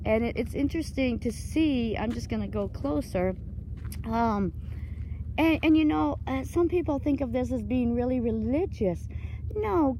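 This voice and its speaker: Woman vlogging outdoors, slow dreamy talk, mellow higher voice, faint noise behind. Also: rough recording. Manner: slow, earnest, spiritual musing. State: emotional, choked up at times. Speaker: vlogger touring a site. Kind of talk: walking vlog tour. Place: outdoor art site with walk-through rooms.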